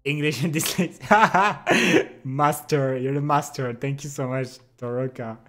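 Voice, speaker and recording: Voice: mid-range voice, unhurried, a bit bright, faint music behind. A streamer who speaks natively, chatting casually and playfully with viewers, laughing and repeating words. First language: French. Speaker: live streamer.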